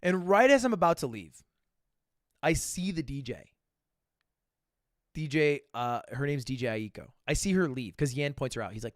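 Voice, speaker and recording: A young man telling stories casually to his live stream audience, animated and swearing, with loud bursts and mumbled asides. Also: mid-range voice, moderate pace, long pauses, no room sound, clean studio sound.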